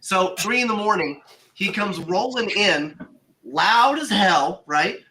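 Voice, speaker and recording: A man on a casual podcast, telling a funny story with lively acted-out quotes. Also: high voice, takes it slowly, far from the mic, poor audio. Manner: animated storyteller, acts out quotes. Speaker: paranormal show regular telling a story.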